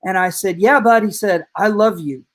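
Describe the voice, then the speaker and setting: A middle-aged woman, an educator hosting a podcast, telling heartfelt stories in an animated way. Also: medium pitch, normal speed. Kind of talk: podcast conversation.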